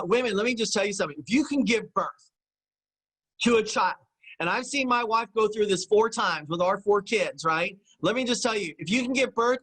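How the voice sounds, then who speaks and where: A man's voice: high voice, a bit bright, poor audio. A middle-aged man giving a motivational business teaching talk, emphatic and repetitive, often checking in with his listeners. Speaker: business coach.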